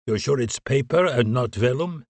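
A man voicing an urbane, middle-aged male police general with a measured, suave way of speaking. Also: medium pitch, expressive, darkish tone, no echo, voice pushed up.

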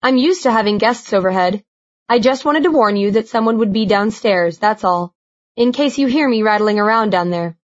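A woman voicing a polite older man with a low gravelly voice, hoarse from a cold, courteous and a little flustered, in an audiobook. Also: expressive, normal speed, muffled recording, lightly acted.

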